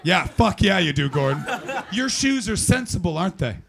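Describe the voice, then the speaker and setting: Brash Canadian comic with gravelly voice. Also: male voice, high-pitched, big pitch swings, normal speed. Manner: brash, profane, mocking banter with the audience. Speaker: stand-up comedian. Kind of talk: stand-up crowd work. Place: comedy club stage before a live audience. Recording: live club with loud crowd. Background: audience laughter.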